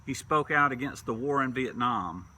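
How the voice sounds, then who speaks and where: A man preaching a sermon as pastor, slow and deliberate, sometimes dropping to a whisper. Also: medium pitch, expressive, sharp tone, in a large hall, a little hiss or hum. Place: church sanctuary.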